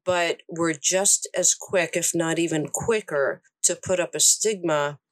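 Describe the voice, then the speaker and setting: A woman's voice: fairly low pitch, measured pace, dry recording. Reflective woman co-host on a podcast. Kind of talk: casual podcast chat.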